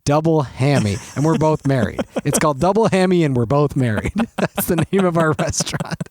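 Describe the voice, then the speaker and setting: A man's voice: a little high, expressive, fairly quick, darkish tone, no echo, studio quality. A man co-hosting a podcast, chatting playfully in a rambling comedic way and slipping into goofy voices. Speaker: podcast co-host. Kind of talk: comedic casual chat.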